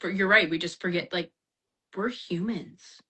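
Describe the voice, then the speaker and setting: A woman's voice: on the low side, unhurried, sharp tone, breathy edge. A woman host making short agreeing replies in casual chat. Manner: brief agreeing responses.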